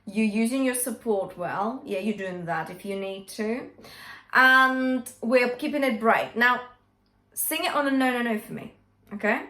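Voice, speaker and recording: A woman vocal coach with a higher-than-usual voice leads a singing lesson in an echoey room. She talks through technique in an encouraging, chatty way, keeps checking in with her students, and breaks into short sung examples. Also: a little slow, pushed and bright.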